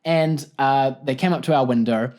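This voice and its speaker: A man's voice: mid-range voice, normal speed, a little mellow. A young man with a New Zealand accent hosting a solo podcast, telling a story in a jokey, rambling way and laughing often. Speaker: podcast host.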